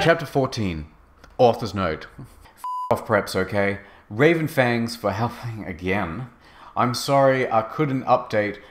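A man narrating a fanfic as a comedic dramatic reading, in a mock-earnest deadpan. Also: medium pitch.

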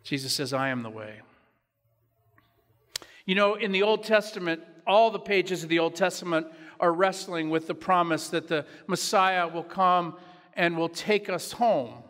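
A man's voice: high-pitched, moderate pace, a bit bright, big-room sound. A man preaching a sermon as pastor, earnest and personal, telling stories from his own life. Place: church sanctuary.

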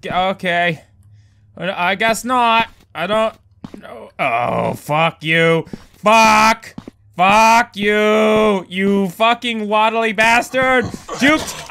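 A man with a high, bright voice narrates his horror game playthrough in an unhurried drawl. He swears freely and yells at the game in panic when things go wrong. Faint music plays behind his commentary. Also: a little hiss or hum. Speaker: gamer playing a horror game. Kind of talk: let's play commentary.

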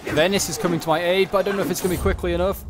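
A young man giving casual commentary on a strategy game, thinking aloud and muttering quick reactions. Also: sits high, fairly even intonation, noisy background. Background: background music.

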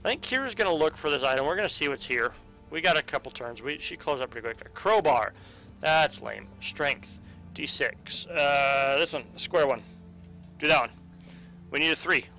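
A man with a bright, slightly high voice walks through a tabletop card game, reading the cards out and tallying each dice roll. He stays patient and easygoing with a child beside him. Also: expressive, moderate pace, soft background music. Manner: reads card text aloud and counts dice rolls. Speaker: host running the card game. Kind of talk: tabletop game playthrough chat.

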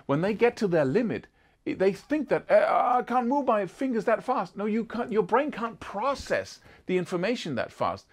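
Animated man teaching guitar. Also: sits high. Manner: animated, vocalizes rhythms with syllables. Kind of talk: casual guitar lesson. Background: guitar playing.

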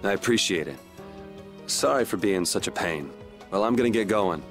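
An actor voicing a laid-back young male swordsman in a video game, relaxed and wry in how he talks. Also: on the low side, normal speed, music in the background. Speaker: game character.

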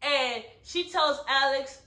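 A high, bright-voiced woman gives a casual recap of a book. She tells the story with animation and keeps checking in with listeners. The room sounds echoey. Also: takes it slowly. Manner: animated storyteller, asks "right?" often. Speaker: book club host. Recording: roomy echo.

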